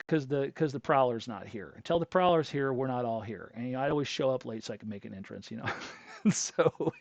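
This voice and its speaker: Gravelly middle-aged man rambling through stories. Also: a little high, dry recording. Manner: rambling, chatty, self-interrupting storyteller. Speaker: host. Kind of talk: casual storytelling monologue. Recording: dull lo-fi dry recording.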